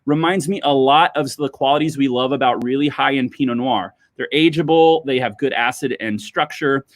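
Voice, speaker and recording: A sommelier hosts a livestreamed wine lesson in a mid-range male voice at a moderate pace, with no echo. He chats with his viewers, calls them guys, and checks in with them often.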